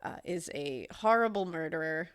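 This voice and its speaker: A woman's voice: low voice, moderate pace, smooth. Congested woman podcast co-host. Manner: chatty, with frequent fillers and laughs. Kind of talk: casual true-crime chat.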